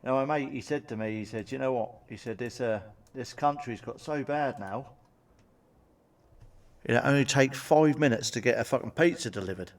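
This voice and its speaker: A man's voice: mid-range voice, moderate pace, recorded from a distance. A man telling blunt, sweary stand-up jokes and tagging them with cheeky questions. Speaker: stand-up comedian. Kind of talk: stand-up joke monologue.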